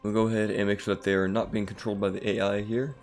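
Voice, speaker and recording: Low-voiced man narrating strategy gameplay. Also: fast talker, soft background music. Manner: relaxed, rambling with fillers. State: slightly rough morning voice. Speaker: gaming channel host. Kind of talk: casual gameplay commentary.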